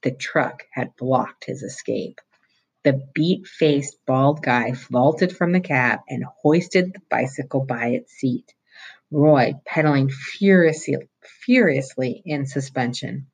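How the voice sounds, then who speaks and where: A reader reading a novel chapter aloud at a steady pace, with small slips and restarts. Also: medium pitch, takes it slowly, breathy edge, poor audio. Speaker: audiobook reader.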